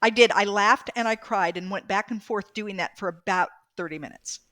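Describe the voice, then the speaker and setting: A woman author from the States talks through her story in a podcast interview, openly emotional and animated. Her voice sits in a middle register, recorded dry and close. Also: mid-range voice, moderate pace, no room sound. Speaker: author and guest.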